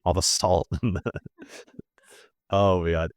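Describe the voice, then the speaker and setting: A man's voice: deep voice, little pitch movement, a little slow, dry recording, clean studio sound. A man hosting a casual podcast chat, thoughtfully asking his guests open questions. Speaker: podcast host.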